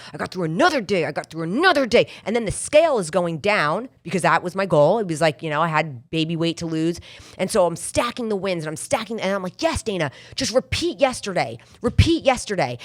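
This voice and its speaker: Emphatic lower-voiced woman podcaster. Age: middle-aged. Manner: emphatic, repetitive, self-mocking quotes. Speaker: podcast host. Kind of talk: candid motivational monologue.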